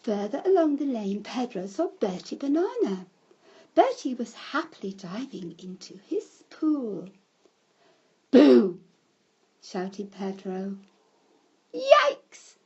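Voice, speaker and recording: A woman telling a children's story in a slow storybook manner, breaking into shouted cries for the characters. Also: medium pitch, big pitch swings, slightly rough, dull audio.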